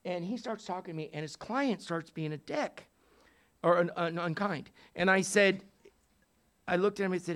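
A man in his sixties telling a story at a recovery meeting, animated and profane, swinging from hushed asides to loud outbursts. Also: on the high side, normal speed. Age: 60s. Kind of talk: storytelling talk.

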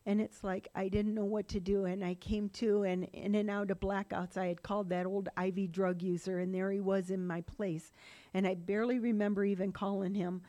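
A woman's voice: medium pitch, flat delivery, fairly quick, mellow. A middle-aged woman sharing her personal recovery story in a rambling, run-on way, with laughing asides. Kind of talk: personal testimony talk.

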